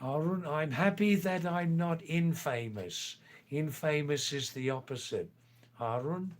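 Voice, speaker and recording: An older man hosting a casual livestream, reading out viewer comments and answering them with playful, teasing asides. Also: medium pitch. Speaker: livestream host.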